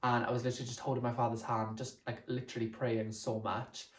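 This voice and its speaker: A young man, telling stories in a casual vlog with a chatty, animated manner. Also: medium pitch, quick pace, roomy sound. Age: young adult. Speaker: vlogger.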